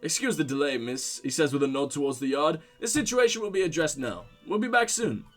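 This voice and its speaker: A composed middle-aged police lieutenant from a detective game, formal and unhurried, as a man gives him voice. The tone sits higher than most men's, with faint music in the background. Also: expressive. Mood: calm. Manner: measured and formal.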